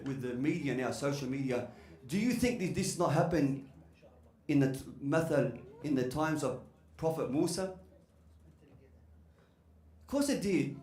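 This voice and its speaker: A man preaching a sermon, telling a story in a lively way and mixing in Arabic phrases. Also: high-pitched. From Australia. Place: large hall. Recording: echoey hall.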